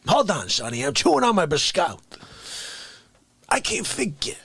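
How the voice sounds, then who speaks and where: Animated comic man, shouting then whispering. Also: a little high, moderate pace, gravelly, breathy edge, no echo. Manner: animated, swinging from shouted rants to hushed whispers. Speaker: live-stream comedy host. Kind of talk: unscripted comic monologue.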